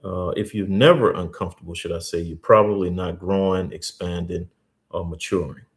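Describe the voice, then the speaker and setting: A host giving a teaching talk, repeating key points slowly and earnestly, with stories from church life. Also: male voice, sits low, fairly even intonation.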